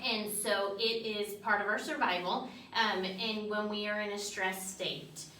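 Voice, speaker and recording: A woman on a talk show who talks fast and explains in an animated way, sharing her own experience as a mother. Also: mid-range voice, slight background noise. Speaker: mental health specialist guest. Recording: echoey room, mic at a distance.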